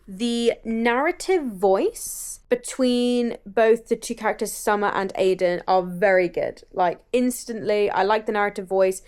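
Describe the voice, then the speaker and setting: Chatty woman with a clear voice. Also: mid-range voice, measured pace, hardly any pauses, darkish tone. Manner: chatty, swears freely, enthusiastic. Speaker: book vlogger. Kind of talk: casual vlog chat.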